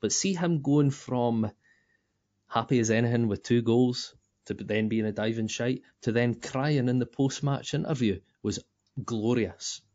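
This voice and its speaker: A Scottish man co-hosting a football podcast, talking in sweary, laughing, animated banter. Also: medium pitch, unhurried, highs cut off. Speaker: podcast co-host. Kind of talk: casual football chat.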